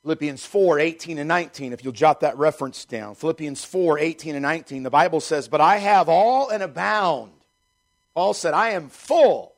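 A man preaching a sermon as pastor, emphatic and repeating key phrases, slowing down to stress scripture. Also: fairly high pitch.

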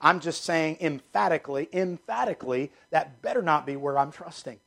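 A middle-aged male pastor delivers an emphatic, repetitive sermon, swinging from loud declarations to hushed asides. His voice sits on the high side, expressive, with vocal fry, at a normal speed.

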